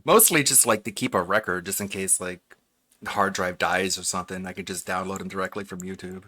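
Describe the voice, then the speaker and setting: A man hosting a live stream, chatting in a relaxed, rambling way about editing and the clip. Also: sits low, brisk. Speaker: streamer host. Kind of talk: casual stream chat.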